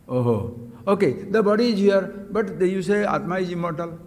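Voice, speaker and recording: A man's voice: sits high, fairly quick, darkish tone. A man giving a spiritual discourse as a teacher, emphatic and full of rhetorical questions. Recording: long hall reverb.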